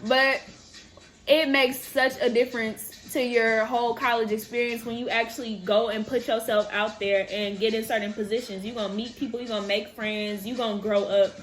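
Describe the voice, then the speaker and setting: A Bay Area vlogger in her twenties answers viewer questions in a casual, chatty way, animated and prone to laughing and trailing off. Her voice is a little high, at a moderate pace.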